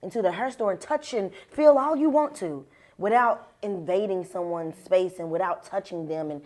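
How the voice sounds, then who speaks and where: A young adult woman speaking on a panel, emphatic and animated, laughing as she makes her points. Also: medium pitch, moderate pace. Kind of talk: candid panel discussion.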